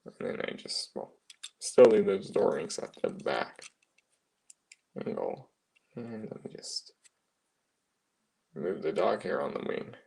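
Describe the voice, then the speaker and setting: Man in a casual toy review, slow and husky, soft mumbled asides. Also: low-pitched, wildly swooping pitch.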